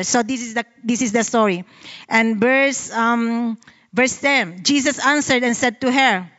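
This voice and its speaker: A Bible study speaker from the Philippines, a woman with a Filipino accent, reads scripture aloud and then explains it in an earnest sermon. Her voice sits a little high with a fairly bright tone. The recording is muffled with a long reverb tail.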